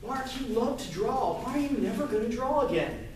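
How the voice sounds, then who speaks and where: A man voicing his old schoolteacher, a gentle and encouraging grown man, in a live storytelling talk. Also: extremely high pitch, expressive, fairly quick, slight background noise, voice pushed up. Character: kindly male schoolteacher. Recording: echoey room, mic far off.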